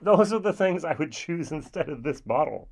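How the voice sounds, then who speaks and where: A man's voice: a little high, lively intonation, normal speed, creaky. Chatty European man reviewing whiskey. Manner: chatty, with playful asides. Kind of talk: casual spoken review.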